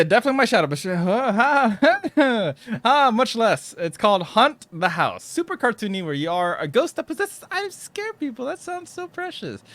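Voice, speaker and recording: Jumpy, high-pitched man streaming a horror game. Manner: jumpy and excitable, swearing and yelping when scared. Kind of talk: casual live-stream chat while playing a horror game.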